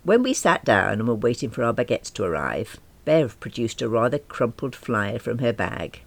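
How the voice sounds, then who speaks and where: A middle-aged woman narrates a first-person audiobook with dry, self-mocking wit. Her voice has a gravelly edge and rises and falls with lively pitch. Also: normal speed. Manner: wry and self-deprecating.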